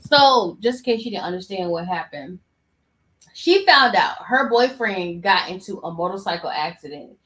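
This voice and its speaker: A woman's voice: medium pitch, expressive, normal speed, fairly bright tone. A woman hosting a podcast, giving casual, exasperated reaction commentary. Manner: exasperated, emphatic. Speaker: podcast host.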